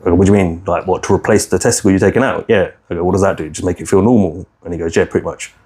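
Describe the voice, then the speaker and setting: A man tells a personal story on a podcast, talking from a fairly low register. He is blunt and unpolished, rambling through restarts and dropping swear words as he goes. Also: fairly even intonation, rapid-fire, darkish tone, breathy edge. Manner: frank, rambling, swears freely, many restarts. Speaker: podcast co-host.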